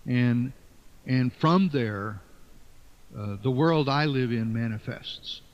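A man being interviewed as a writer and musician, talking reflectively and haltingly, often repeating words as he searches for the phrase. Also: mid-range voice. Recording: dull, muffled lo-fi sound.

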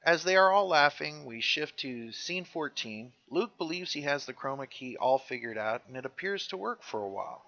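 A man's voice: on the high side, moderate pace, hardly any pauses, no room sound, highs cut off. A man co-hosting a casual podcast, animatedly retelling scenes and quoting lines. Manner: animated, jumps into character voices when quoting. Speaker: podcast co-host recapping a show.

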